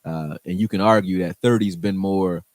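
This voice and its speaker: A man's voice: deep voice, steady tone, normal speed, dry recording. A man hosting a sports show who breaks down football plays in casual, frank and slangy talk, with some swearing, speaking straight to his viewers. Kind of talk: casual football film commentary.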